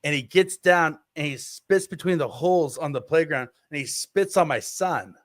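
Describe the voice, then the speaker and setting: Speaking close to the mic, a male podcast co-host in his thirties tells a story casually and acts out the quotes with animated flair. The voice is fairly high, the pace moderate, and the recording carries no room sound.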